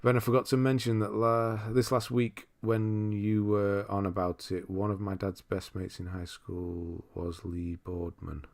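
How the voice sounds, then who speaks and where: A man with a deep, low voice hosts a casual live stream. He rambles easily, reads out viewers' messages and breaks into laughter often. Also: a little slow, gravelly, hardly any pauses. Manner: relaxed, rambling, reads chat aloud with frequent laughs. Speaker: streamer host.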